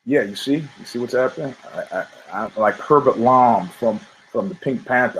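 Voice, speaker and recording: On a podcast, a man riffs on fight results, rambling, swearing and cracking jokes at his own expense in casual comedic combat-sports commentary. His mid-range voice is fairly bright and moves at a normal speed with hardly any pauses. The recording is low quality, with slight background noise.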